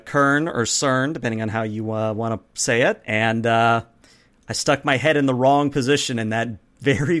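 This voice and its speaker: A man of middling pitch talks through his tabletop character in easygoing chat. He rambles, corrects himself and slips in jokes as he goes. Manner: rambling and self-correcting, joking, quick to laugh. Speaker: tabletop game player. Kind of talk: casual chat about building a character.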